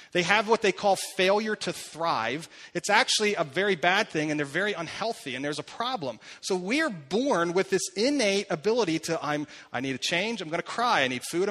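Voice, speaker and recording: In a reverberant church hall, a male pastor with a bright, high voice delivers a sermon. His tone is conversational, and he asks the congregation questions.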